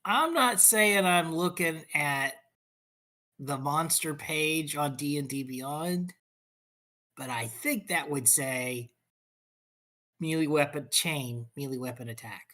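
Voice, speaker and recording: A woman with a strikingly deep voice chats casually as a player at a tabletop game. She speaks in a wry, teasing way. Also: takes it slowly, fairly bright tone.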